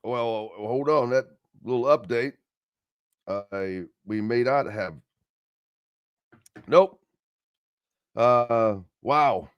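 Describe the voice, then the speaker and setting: A man's voice: mid-range voice, very slow, long pauses, smooth, dry recording, lo-fi sound. A man hosting a sports talk radio show, chatting casually in a rambling way and reading listener comments aloud.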